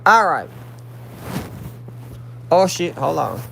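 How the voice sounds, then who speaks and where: A man with a high voice hosts a casual livestream, reading messages aloud to his viewers. He sounds indignant and speaks. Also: very animated, very slow, creaky, heavy background noise. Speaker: livestream host.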